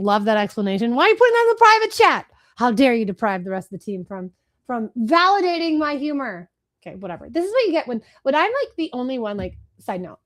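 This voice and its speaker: A woman in her thirties hosting a live marketing webinar from her computer, talking fast and rambling, self-deprecating, now and then trying silly voices. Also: on the high side. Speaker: webinar host, marketing speaker. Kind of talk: casual live webinar talk. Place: home office, talking to a computer.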